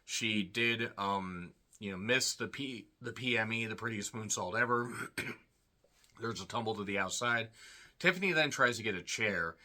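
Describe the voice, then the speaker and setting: A man's voice: fairly low pitch, measured pace, sharp tone. A man giving a rambling, sarcastic solo review of a wrestling show, full of snarky asides. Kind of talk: casual solo review commentary.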